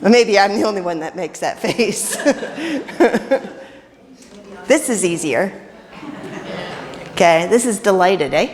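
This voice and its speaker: A woman minister leading an interactive sermon, chatty and playful with quick jokes, in a church. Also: mid-range voice, lively intonation. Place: church sanctuary. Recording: reverberant church hall.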